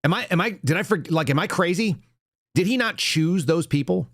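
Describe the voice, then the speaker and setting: A man's voice: on the high side, lively intonation, fairly quick, a bit bright, no room sound, studio quality. Blunt, sarcastic man host. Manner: blunt, sarcastic, rhetorical questions. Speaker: podcast host. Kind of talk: opinionated political commentary.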